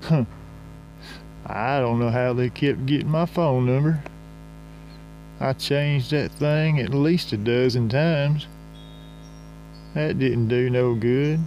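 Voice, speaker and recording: A man narrating a comic story in folksy rural slang, drawling and unhurried. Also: medium pitch, a little mellow, faint music behind.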